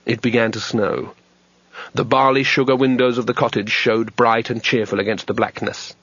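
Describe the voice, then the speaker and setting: A man reading a comic fantasy audiobook in a measured, wry way. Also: mid-range voice, little pitch movement, fairly bright tone, no room sound. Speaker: audiobook narrator. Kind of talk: scripted narration. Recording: dull, dry lo-fi recording.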